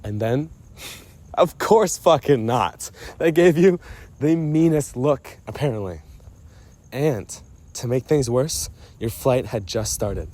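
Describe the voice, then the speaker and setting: A man's voice: medium pitch, expressive, slow, mellow. A young man telling a mocking, profane story to a friend in a casual voice memo recorded on his phone. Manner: teasing and profane, breaks into laughter.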